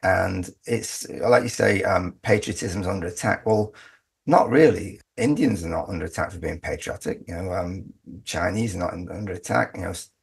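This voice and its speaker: A middle-aged Englishman living in Australia, speaking as an interview guest in a halting way with many restarts. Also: low voice, gravelly, slightly rough. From England. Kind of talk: conversational interview.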